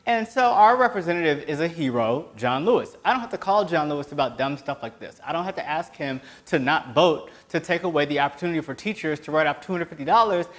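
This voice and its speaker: A man hosts his own web show, delivering sarcastic political commentary with passion and sometimes yelling. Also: fairly high pitch, animated, fast talker, few pauses. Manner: impassioned, sarcastic, breaks into yelling. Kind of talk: solo political commentary rant.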